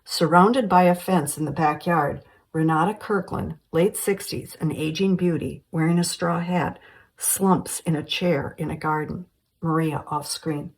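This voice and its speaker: Low-voiced woman reading a screenplay. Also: unhurried, rough recording. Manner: steady, matter-of-fact delivery of scene directions. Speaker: screenplay reader.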